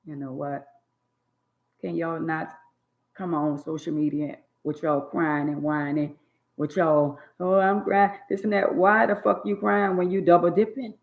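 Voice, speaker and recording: A woman's voice: low voice, fairly even intonation, gravelly. An older woman, scolding in a blunt, preachy monologue on her channel. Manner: drawn-out emphatic words. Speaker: channel host. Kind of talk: opinionated monologue. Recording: dull lo-fi phone audio.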